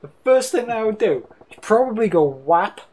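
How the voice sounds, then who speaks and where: A man's voice: high-pitched, big pitch swings, normal speed, a little mellow. A man co-commentating a video game casually, teasing his partner and reading out text from the screen. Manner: teasing, reads out on-screen text, jokes along. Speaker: let's play co-host.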